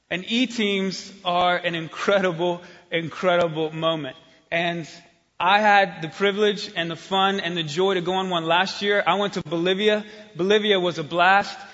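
Excitable high-voiced young preacher. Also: male voice. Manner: animated, builds to excited shouting while telling a story. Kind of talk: sermon with storytelling. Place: church hall. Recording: dull sound, long hall reverb.

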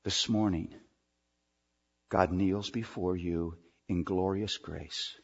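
A male pastor preaching a sermon in an emphatic way, drawing out key words with pauses. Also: sits low, steady tone, vocal fry, slightly rough. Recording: dull recording with long hall reverb.

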